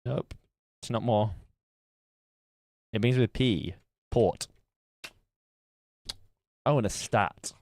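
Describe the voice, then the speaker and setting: Man, deep low voice, dry close mic, casual livestream chatter, thinking aloud. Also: takes it slowly, pauses often, darkish tone, no echo. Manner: musing aloud while playing a guessing game. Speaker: streamer.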